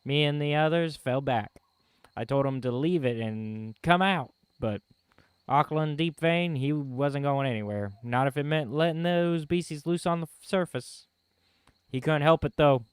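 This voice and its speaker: A man voicing a gruff, greedy mercenary dwarf with a Southern US accent and a blunt, folksy drawl. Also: fairly high pitch, a little slow, no echo, lightly acted.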